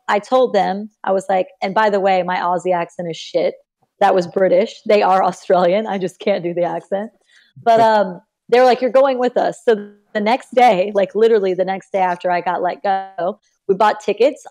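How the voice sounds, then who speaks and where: A young woman from Texas, a podcast guest, tells her stories in a relaxed, casual way. She acts out the people she quotes, and her voice jumps up high for them. Her pitch sits in the middle for a woman. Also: moderate pace. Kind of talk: casual storytelling in an interview.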